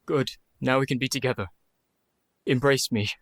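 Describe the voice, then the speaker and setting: An earnest, grieving young gentleman , played by a man in a radio play. He speaks anxiously and sincerely. A faint noise sits under his voice. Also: mid-range voice, steady tone, moderate pace, close to an everyday voice.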